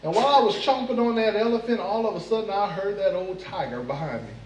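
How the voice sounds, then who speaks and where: A man's voice: high voice, quick pace, a little hiss or hum, natural voice. A man playing a swaggering moth. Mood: bragging. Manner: animated bragging with growled sound effects. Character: boastful swaggering male moth. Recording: echoey room, mic far off.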